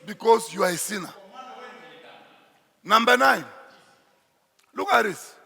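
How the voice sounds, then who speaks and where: Male pastor, bright gravelly voice, slow emphatic sermon delivery, echoey church hall. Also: sits high, expressive. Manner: emphatic preaching, shifts into Swahili asides.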